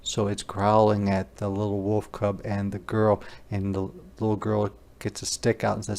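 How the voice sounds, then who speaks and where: A man teacher reading a picture book aloud to young children, slow and gentle, asking them questions as he goes. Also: fairly low pitch, completely flat delivery, gravelly. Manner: slow, gentle, asks the listener questions, voices animal sounds.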